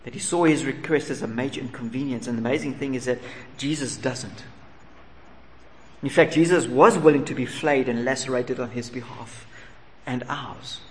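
A man delivers an earnest sermon in a large hall, with long reverb trailing his words. He asks the listeners rhetorical questions and slips into quiet, humble pleas. A faint room ambience sits underneath. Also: medium pitch, normal speed, a little hiss or hum. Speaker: pastor.

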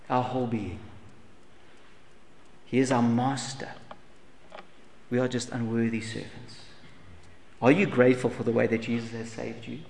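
A man preaching a sermon in earnest, pressing rhetorical questions and swinging between loud emphasis and hushed lines. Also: mid-range voice. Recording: long hall reverb, faint noise.

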